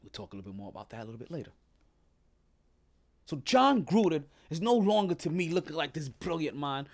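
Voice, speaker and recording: A man's voice: a little high, very animated, brisk, a little mellow. A man hosting a sports podcast, ranting in casual commentary, repeating himself and rattling off stats. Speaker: podcast host.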